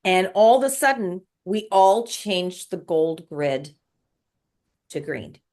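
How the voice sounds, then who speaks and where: A woman's voice: lowish voice, animated, slow, darkish tone. A woman guest telling an emotional spiritual story in casual conversation, repeating words as she recounts it. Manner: emotional, repetitive, breathless recounting.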